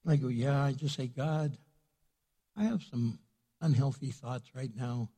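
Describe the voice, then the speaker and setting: A man preaching as pastor in a casual, animated way, acting out the people he quotes. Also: mid-range voice, measured pace, in a large hall. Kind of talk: sermon. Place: church sanctuary.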